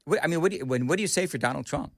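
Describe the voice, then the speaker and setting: A man hosting a morning talk radio show, bantering and joking with his co-host in an animated way. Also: a little high, dry recording, clean studio sound. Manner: animated, joking, quick back-and-forth. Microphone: studio microphone.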